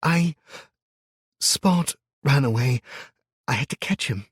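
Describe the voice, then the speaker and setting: A man's voice: medium pitch, animated, slow, husky, no echo, clean studio sound, pitched above the performer's own voice. A man voicing a shy, stubborn little girl of about ten who speaks in a small, tearful voice.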